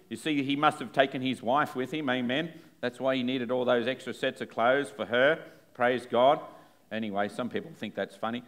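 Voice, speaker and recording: A man's voice: medium pitch, moderate pace. A man preaching a sermon, telling a personal story and calling out "amen?" to the congregation. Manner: bold, energetic preaching with frequent "amen?". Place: church.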